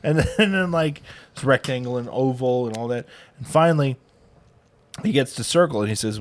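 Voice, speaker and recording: A man's voice: medium pitch, a little fast. Laughing man telling family stories. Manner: sarcastic storyteller, laughs often. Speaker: podcast co-host. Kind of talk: casual chat.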